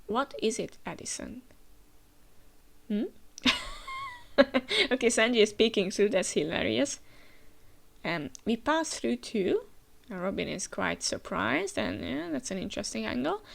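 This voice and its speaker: Woman host with a cold, tired and gravelly, chatty reaction commentary. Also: medium pitch, animated, moderate pace. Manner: chatty, hesitant, many fillers. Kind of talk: casual reaction commentary, reading aloud.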